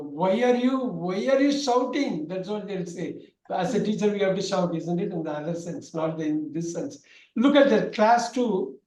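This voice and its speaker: A man teaching an online grammar class, talking loudly and repeating himself with many fillers. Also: high voice. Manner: loud, repetitive explaining with many fillers. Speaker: English teacher. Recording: echoey room.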